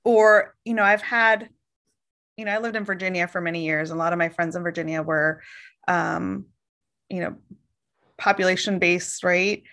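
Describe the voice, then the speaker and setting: A woman from the United States in casual conversation, telling stories with lively quoted voices. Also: on the low side, moderate pace, long pauses. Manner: animated storytelling, acts out quoted people.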